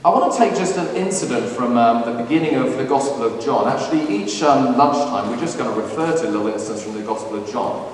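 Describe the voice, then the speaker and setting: A man giving a lively lunchtime talk to students, acting out quotes with playful humor. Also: medium pitch, quick pace, slight background noise. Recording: echoey hall, recorded from a distance.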